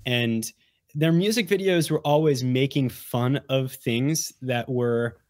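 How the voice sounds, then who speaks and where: A man who is a guest on a podcast, chatting casually in an animated, rambling way with many restarts. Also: mid-range voice, takes it slowly, no room sound, studio quality. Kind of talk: casual conversational interview.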